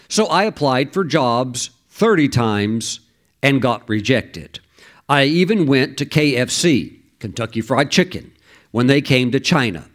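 A man preaching a sermon, reading scripture and acting out the voices of the listeners in animated asides. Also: mid-range voice.

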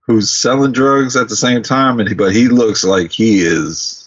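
A man's voice: on the low side, measured pace, fairly bright tone, husky, no room sound. A man co-hosting a podcast in casual chat, chiming in with wry short comments and questions. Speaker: podcast co-host. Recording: dry, dull lo-fi sound.

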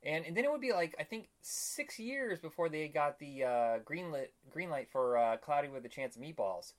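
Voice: mid-range voice, animated, moderate pace. A podcast co-host in casual chat, opinionated, swearing freely and acting out jokes in put-on voices.

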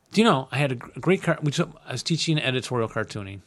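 Lively chatty man co-hosting. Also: mid-range voice, fast, hardly any pauses. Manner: chatty, animated storyteller who laughs often. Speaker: podcast co-host. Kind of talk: casual chat.

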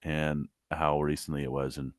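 Deep-voiced joking man, dry studio sound. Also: moderate pace, no room sound. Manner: dry, joking, relaxed storyteller. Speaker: podcast co-host. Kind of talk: casual chat. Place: podcast studio.

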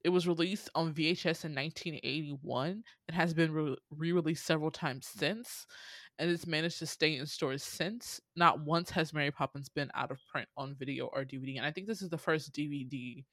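A woman's voice: low-pitched, moderate pace, no room sound. Chatty young woman reading film trivia. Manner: chatty, sassy asides, frequent ums. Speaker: podcast host.

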